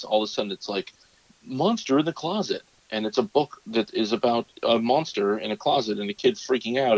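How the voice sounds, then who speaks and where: A man in his thirties, a podcast co-host, tells a rambling story in casual chat and acts out his kids in a higher voice. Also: no room sound. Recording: dull lo-fi, dry sound.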